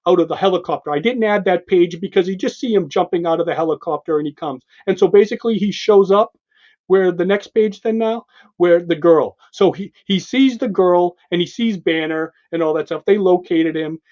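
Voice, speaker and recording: A male co-host with a high-pitched voice talks excitedly about comic books at a moderate pace, emphatic and animated as he points out one panel after another. The recording has a dull, lo-fi sound.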